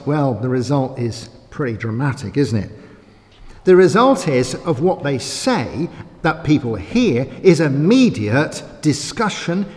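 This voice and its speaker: A man's voice: mid-range voice, a little mellow. A man preaching a sermon in a church, conversational, with frequent asides and rhetorical questions. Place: church sanctuary. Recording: church hall with long reverb.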